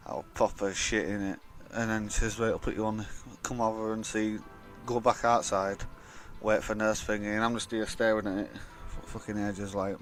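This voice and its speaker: A man's voice: fairly low pitch, flat delivery, moderate pace, faint music behind. A young man telling a personal story in a casual, rambling way, swearing often and acting out what others said. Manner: rambling, swears a lot, acts out quoted dialogue. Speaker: vlogger.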